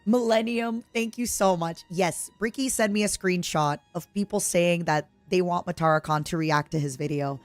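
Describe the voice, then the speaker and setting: A young woman with an Eastern European accent streams a game live, reacting excitably and chatting with viewers. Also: on the low side, normal speed, few pauses, no room sound, faint music behind. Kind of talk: live gaming stream chat.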